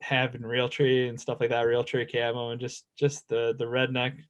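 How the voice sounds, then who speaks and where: A man's voice: medium pitch, monotone, normal speed, dull audio. A man in his thirties, a professional snowboarder guest, telling stories in a laid-back, rambling way with lots of fillers. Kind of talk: casual storytelling chat.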